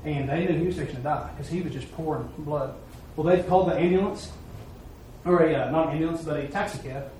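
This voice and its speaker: A man's voice: on the high side, a little fast, darkish tone. A man preaching, telling a mission story in a folksy, repetitive way with emphatic peaks. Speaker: preacher giving a mission report. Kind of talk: sermon storytelling. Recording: echoey hall, far-off mic, faint noise.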